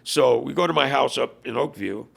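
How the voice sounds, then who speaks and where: Older male guest, gravelly voice, rambling storyteller, filler words. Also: mid-range voice, moderate pace, a bit bright. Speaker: guest, former biker club leader. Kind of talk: casual storytelling conversation. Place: his home.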